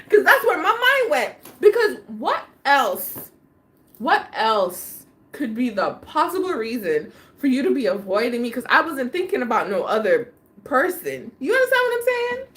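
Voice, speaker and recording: A woman hosts a casual livestream and tells a personal story full of slang and frequent laughter. Her voice sits high and swoops all over the place. She takes her time with every line. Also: big pitch swings, unhurried, fairly bright tone, slight background noise. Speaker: livestream host.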